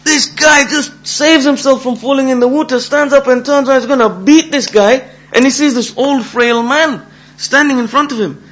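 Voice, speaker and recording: A man telling a folk tale aloud in a lively, casual way, full of asides. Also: very high voice, moderate pace. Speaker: storyteller. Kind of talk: oral storytelling.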